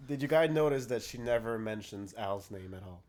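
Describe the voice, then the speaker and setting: A man's voice: lowish voice, lively intonation, a little fast, darkish tone, slight background noise. Blunt, profane man explaining game tactics. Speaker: podcast co-host. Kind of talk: casual gaming chat.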